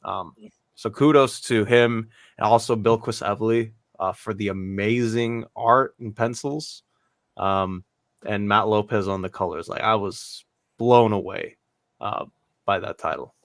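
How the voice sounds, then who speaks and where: A man's voice: lowish voice, unhurried, fairly bright tone, no room sound, studio quality. A man as a guest in a casual chat, talking eagerly and rambling with fillers.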